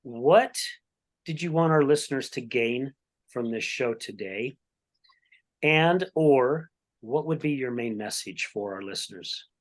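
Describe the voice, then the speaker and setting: A man's voice: mid-range voice, expressive, a little slow. A man hosting a podcast interview, talking in a chatty, rambling way with many restarts. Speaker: podcast host. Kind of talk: casual interview chat.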